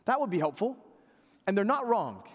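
A man in his thirties preaching a sermon, conversational and animated, dropping to quiet earnest asides. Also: sits high, normal speed, in a large hall. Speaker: pastor.

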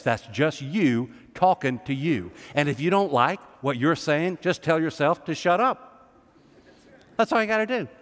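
A pastor delivers a live sermon to his congregation in an emphatic, conversational manner. His voice sits high and a bit bright, and the recording has a long hall reverb.

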